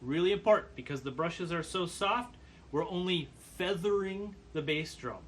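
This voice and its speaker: A man giving a percussion lesson, calmly explaining brush patterns and counting beats aloud. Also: fairly high pitch, measured pace, a little hiss or hum. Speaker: percussion teacher. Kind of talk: instructional demonstration.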